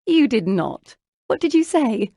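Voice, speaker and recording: A woman narrating an audiobook, voicing an eager and excitable young duchess who talks in breathless, gushing exclamations. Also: medium pitch, unhurried, no room sound, studio quality, pitched above the performer's own voice. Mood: excited.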